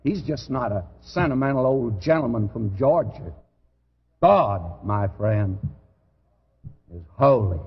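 Male preacher, sermon, lively pitch, husky voice, long hall reverb, dull lo-fi sound. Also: slow, long pauses. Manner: earnest, conversational preaching with sudden loud emphasis.

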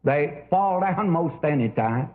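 A man's voice: a little high, animated, slow pace. An older man preaching a sermon in a folksy, storytelling way with many fillers. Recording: tinny phone-like old recording.

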